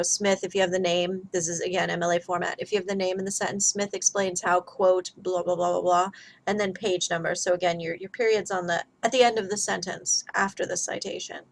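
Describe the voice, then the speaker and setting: A woman's voice: mid-range voice, poor audio. A woman teaching a grammar lesson, explaining step by step in a chatty way.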